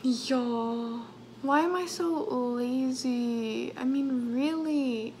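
A woman's voice: high voice, slight background noise. A young woman, chatting casually and upbeat in a vlog about her day. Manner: upbeat and chatty, drops y'all often. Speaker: vlogger.

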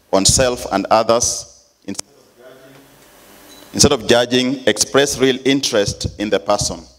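A man with a Kenyan accent, a church elder preaching a sermon with emphatic storytelling. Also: mid-range voice.

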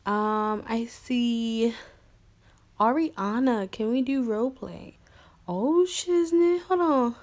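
A YouTuber with a high voice answers fan messages in a casual, chatty vlog, talking straight to her viewers. She's playful, slangy and upbeat, speaking at a slow pace with a slightly mellow tone.

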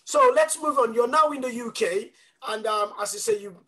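A man's voice: very high voice, moderate pace, sharp tone. A man hosting a live online talk show, chatty, with fillers and self-corrections as he asks questions. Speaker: host.

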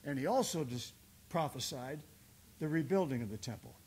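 A man preaching a sermon as pastor in a church, swinging between loud exhortation and quiet storytelling. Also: on the high side, expressive, moderate pace, breathy edge. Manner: preaches with rising bursts and quiet storytelling dips. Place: church sanctuary.

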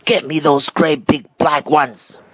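A man voicing a rich old duke in a storybook reading, shouting bossy orders. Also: low voice, very animated, slow pace, creaky, husky, no room sound, full character voice. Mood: demanding.

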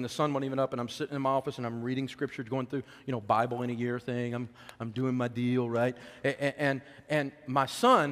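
Speaking in a hall with a mid-range voice, a middle-aged man from the United States gives a sermon-style storytelling talk on faith and money. He's folksy and emotional, moving from loud preaching to soft, hushed moments.

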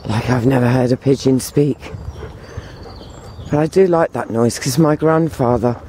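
A woman talking to the camera on an outdoor walk, meandering with many pauses and fillers. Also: rumbling low, mellow, a little hiss or hum. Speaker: vlogger. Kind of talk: rambling walk-and-talk vlog.

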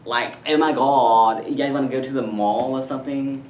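A man's voice: mid-range voice, steady tone, normal speed, darkish tone, a little hiss or hum, close to an everyday voice. A man putting on the voice of a ditzy young valley girl, drawn out and gushing. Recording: roomy, camera far off.

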